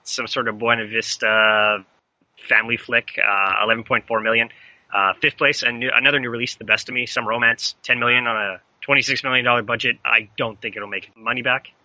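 Guy with a real bright sharp voice rattling off box office numbers, super dry mic. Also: medium pitch, fairly quick, dry recording, poor audio. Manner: reads figures in a relaxed, offhand way. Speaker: podcast co-host reading box office numbers. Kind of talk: casual chat.

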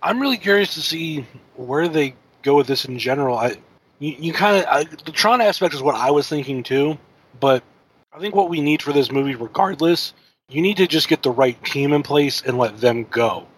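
A man's voice: a little high, lively intonation, normal speed, husky, poor audio. A man talking casually as a panelist on a movie podcast, dry and teasing.

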